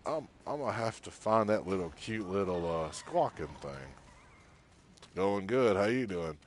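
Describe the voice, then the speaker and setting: A man streaming a console game with casual, excitable commentary, often giggling and talking to the creatures on screen. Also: fairly low pitch, a little slow, slight background noise.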